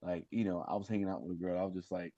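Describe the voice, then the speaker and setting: Man co-host, low and mellow with a husky edge, rambling and hesitant, casual banter. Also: fairly even intonation, racing, dry recording, muffled recording. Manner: rambling, hesitant storytelling with many restarts. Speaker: podcast co-host. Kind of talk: casual chat.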